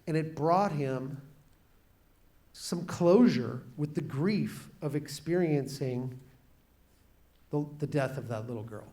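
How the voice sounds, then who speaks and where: A man, an author, telling a story to students in an animated way, slowing down and quieting for drama. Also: fairly high pitch. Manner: animated, shifts pace and volume for drama. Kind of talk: storytelling talk to a class.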